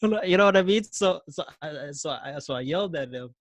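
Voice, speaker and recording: Animated man telling stories, dry sound. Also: on the high side, fast, no room sound. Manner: animated, acts out yelling in anecdotes. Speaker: podcast guest. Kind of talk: casual interview storytelling.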